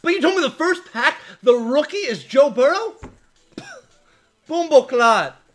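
A man hosting a live card break, reading out player names and shouting with excitement over big pulls. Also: very high-pitched, normal speed. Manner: reads out player names one by one. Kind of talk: live card-opening stream.

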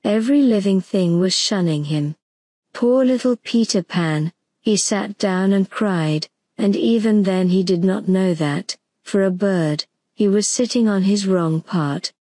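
A woman narrating a gentle bedtime story for sleep, slow and soothing. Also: mid-range voice, no room sound. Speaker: audiobook narrator.

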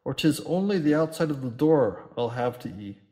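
A man doing a firm hushing landlady. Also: mid-range voice, expressive, normal speed, lightly acted. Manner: hushing, firm, old rural dialect. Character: firm, anxious woman innkeeper, hushing, dialect speech.

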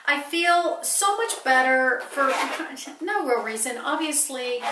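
Chatting to camera in her home office, a vlogger gushes over her purchases in a casual haul video. Her voice is high-pitched, pushed, and bright, picked up by a camera on a small table in an echoey room with a little hiss or hum.

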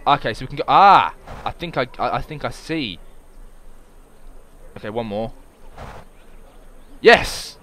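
A man giving casual let's-play commentary, excitable and swearing often as he talks to himself while playing. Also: medium pitch, brisk, long pauses. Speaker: gameplay commentator.

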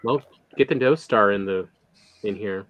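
A man's voice: lowish voice, normal speed, lo-fi sound. A man streaming a game, chatting casually in a rambling way and often trailing off mid-thought. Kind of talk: casual gaming chat.

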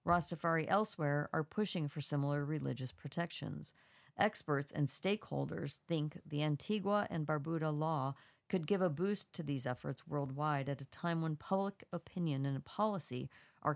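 A woman's voice: low voice, gravelly, no echo. A woman co-hosting a podcast with a congested voice, reading an article aloud with small stumbles and brief asides. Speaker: podcast co-host.

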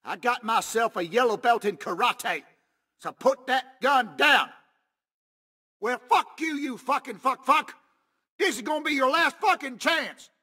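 A high-voiced cursing repairman. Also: expressive, unhurried, bright, forceful tone, full character voice. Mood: threatening. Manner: ranting, cursing nonstop, mutters to himself. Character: foul-mouthed hot-tempered male repairman. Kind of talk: video game character voice.

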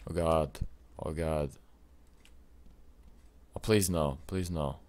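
A young man commenting on his gameplay, excitable and often shouting at the game with mild swearing. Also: a bass voice, slow. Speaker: let's play gamer.

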